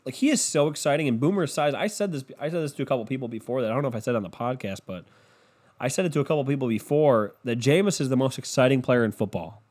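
A man's voice: mid-range voice, very fast. A man hosting a casual solo podcast, ranting with lots of swearing and mocking impressions of other people. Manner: profane, animated, mocking impressions. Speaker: podcast host.

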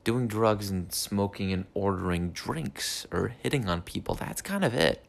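A man's voice: fairly low pitch, unhurried, gravelly. A young man in a rambling casual monologue, ranting with swearing and lots of fillers. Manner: meandering, profane ranting with many fillers. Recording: faint background noise.

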